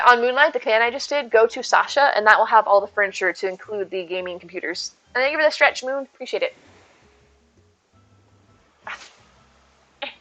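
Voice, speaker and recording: A young woman chats on a live stream in a bright, somewhat high voice, thanking viewers and answering chat with giggly asides. Her audio is dry and a little dull and lo-fi. Faint game music plays behind her. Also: no echo. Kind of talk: casual live-stream chat, reading chat aloud.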